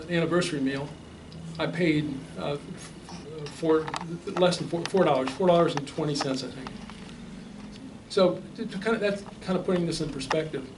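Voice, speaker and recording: A man speaking at a public debate, laying out figures in a measured way with frequent restarts. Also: a little high. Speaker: debate panelist. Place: realty office meeting room. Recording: distant mic with faint noise.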